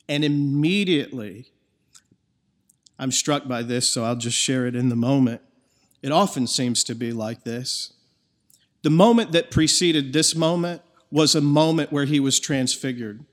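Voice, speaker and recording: A man preaching a sermon in an earnest, emphatic way, his voice rising in bursts of intensity. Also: on the high side. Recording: long reverb of a large hall.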